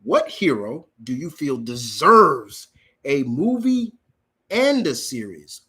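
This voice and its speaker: A man's voice: on the high side, very animated, takes it slowly, pushed and bright. A young man hosting a live Q&A, reading out viewer questions and answering them in a casual, blunt way. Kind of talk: live Q&A chat.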